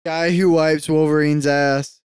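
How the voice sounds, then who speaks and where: A young man co-hosts a casual movie podcast in a laid-back way, dropping dry one-liners. His voice sits high and sounds very clean and crisp. The close mic is dry. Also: flat delivery, a little slow, dry recording. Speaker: podcast co-host. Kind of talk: casual movie-watching chat.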